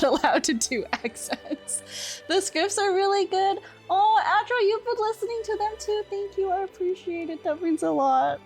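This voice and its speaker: A young woman streamer chatting casually with her viewers, giggly, easily distracted and quick to apologize. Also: fairly high pitch.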